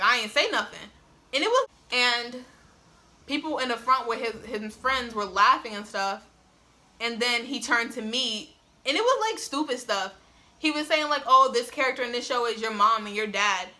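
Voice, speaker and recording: A woman's voice: on the high side, bright, forceful tone. A young woman telling a personal story in a casual vlog, chatty and full of "like", laughing often, filmed on a phone on a tripod. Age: young adult. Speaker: vlogger. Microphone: phone camera on tripod.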